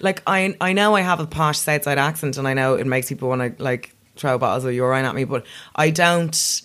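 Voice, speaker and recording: A woman's voice: very deep voice, a little fast, fairly bright tone. A young woman comedian with a posh South Dublin accent, chatting casually and mocking herself. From Ireland. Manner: chatty, self-mocking, laughs often. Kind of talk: casual podcast chat.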